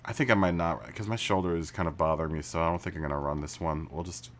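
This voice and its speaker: A man's voice: low voice, steady tone, fast, a bit bright, a little hiss or hum. A man live streaming a racing game, chatting casually with viewers, laughing often and restarting his sentences. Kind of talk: casual chat while gaming. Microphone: studio mic through mixer.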